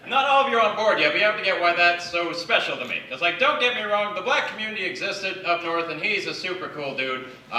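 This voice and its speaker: A man from the Yukon doing a conversational, self-deprecating stand-up set on a theatre stage, slipping into quick acted quotes. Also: fairly high pitch, noisy background. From Yukon, Canada. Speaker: stand-up comedian. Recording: echoey theatre, mic at a distance.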